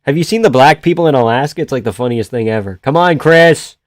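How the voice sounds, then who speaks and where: A man doing casual, profane live-stream commentary on a fight from a room in his house. He shouts at big moments and talks low between them. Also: fast talker, dry recording, studio quality. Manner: excitable, profane, yells at the screen then chats quietly.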